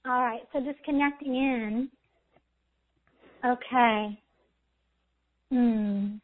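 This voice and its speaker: A woman's voice: on the high side, drawn-out words. A woman host giving intuitive spiritual readings in a soothing, guiding way, often checking in with "okay?", over a tinny line. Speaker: intuitive reader, show host.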